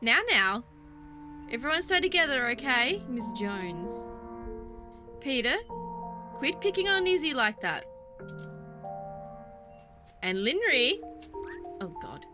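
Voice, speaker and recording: A woman's voice: high-pitched, very animated, slow pace, pauses often, exaggerated voice. A woman voicing a stern female schoolteacher who scolds children on a class trip, over game music. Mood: scolding. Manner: bossy, scolding.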